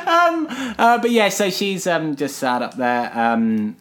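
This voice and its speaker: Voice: medium pitch, wildly swooping pitch, slow pace, fairly bright tone, slight background noise. A podcast co-host, casually recapping a musical, swearing and laughing as they retell scenes. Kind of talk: casual chat reviewing a musical.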